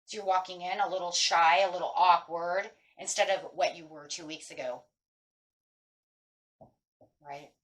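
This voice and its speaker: A woman's voice: lowish voice, fairly even intonation, unhurried, long pauses, a bit bright. Chatty woman giving a tarot reading. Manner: chatty, acts out anxious inner voices. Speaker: tarot reader.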